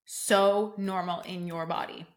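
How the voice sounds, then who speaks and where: A young adult woman delivers solo podcast talk as a coach, measured in pace and steady in tone. Her lowish voice stays casual and emphatic, full of "like" fillers, and she acts out quoted reactions.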